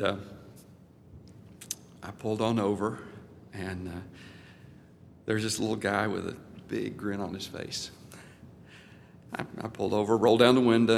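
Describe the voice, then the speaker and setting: Gravelly man telling a folksy sermon story. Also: fairly low pitch, steady tone, normal speed, big-room sound, a little hiss or hum. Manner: folksy, anecdotal, with frequent restarts. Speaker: pastor and missionary.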